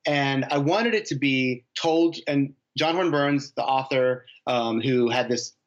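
A man's voice: mid-range voice, a little slow. Rambling man novelist, lo-fi sound. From United States. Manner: rambling with many restarts and fillers. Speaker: novelist guest. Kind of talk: conversational interview answers.

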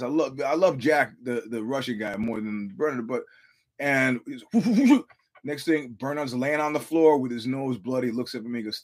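A male podcast host giving casual fight commentary. He tells profane stories, acts out quotes, repeats and restarts his words, and chuckles often. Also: medium pitch.

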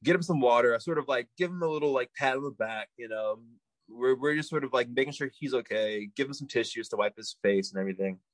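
A man as a podcast guest telling a story in a rambling, animated way, with many restarts. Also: medium pitch, quick pace, dry recording, rough recording. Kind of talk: casual anecdote telling.

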